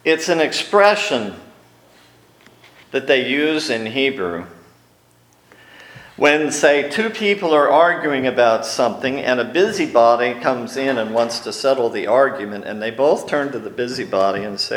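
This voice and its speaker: In a reverberant church sanctuary, a man preaches a sermon as a storyteller, raising his voice to act out quotes. His medium-pitched, slightly bright voice has lively intonation and an unhurried pace.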